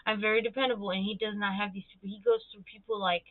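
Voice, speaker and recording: A woman hosting a livestream, telling stories in casual chat, animated and swearing freely, acting out the people she quotes. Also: very fast. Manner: animated, swearing, acts out quoted people with high jumps in pitch. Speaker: livestream host. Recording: dry tinny phone-like sound.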